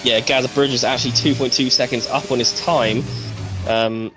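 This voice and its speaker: A man's voice: mid-range voice, moderate pace, music in the background. A man commentating a live sim racing qualifying session, casual with hesitant fillers, lifting his energy as cars cross the line. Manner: casual, hesitant fillers, builds excitement on finishes.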